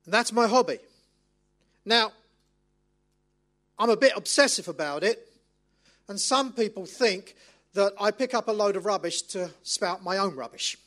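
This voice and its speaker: A middle-aged man, preaching a sermon as an animated, self-mocking storyteller. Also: sits high, measured pace, pauses often.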